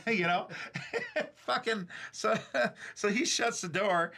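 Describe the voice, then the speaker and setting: Bright-voiced man telling profane stories. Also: high-pitched, a little slow. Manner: profane, animated anecdote telling with frequent fillers. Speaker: streamer and band frontman. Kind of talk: casual storytelling chat. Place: recording studio.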